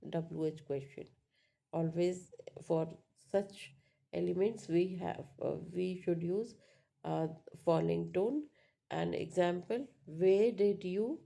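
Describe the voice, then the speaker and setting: A woman's voice: fairly low pitch, gravelly, mellow. A woman teaching an English phonetics lecture, explaining step by step with many fillers and frequent "right?" checks.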